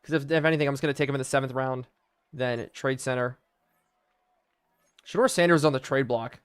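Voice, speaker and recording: A man's voice: mid-range voice, fairly even intonation, brisk, smooth. Chatty young male streamer. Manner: chatty, thinking aloud and answering chat. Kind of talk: live game-stream commentary.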